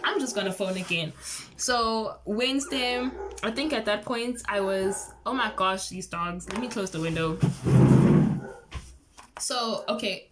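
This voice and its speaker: A woman in her early twenties telling a personal story in a casual vlog, chatty and excitable, full of fillers and quoted dialogue. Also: mid-range voice, background noise. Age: early 20s. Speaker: vlogger.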